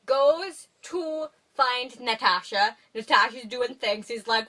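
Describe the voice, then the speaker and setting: A young woman casually retelling a movie's plot as a podcast co-host, full of fillers and quick character voices. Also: a little high, pushed and bright. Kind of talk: casual movie recap chat.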